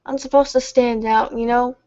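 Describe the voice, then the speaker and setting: A tired woman speaking softly and haltingly in a late-night confessional live stream from home, stumbling and restarting as she gets emotional. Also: a little high, fairly even intonation, lo-fi sound. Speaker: vlogger.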